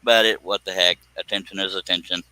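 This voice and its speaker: A man hosts a casual woodworking live stream, joking and wandering off topic as he works. His voice sits low but sounds sharp and bright. The sound is close and dry, with no room around it. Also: fairly even intonation, fairly quick, clean tone, no echo, low-quality recording. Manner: joking, rambling, slips into put-on voices. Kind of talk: casual live-stream chat while scroll sawing.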